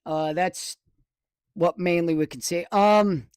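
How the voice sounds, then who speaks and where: A man's voice: sits high, slow pace, clean tone, no room sound. A man from the casually commenting on a live weather stream from his home studio, rambling and correcting himself as he goes. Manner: rambling, self-correcting, excitable. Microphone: desk microphone, close.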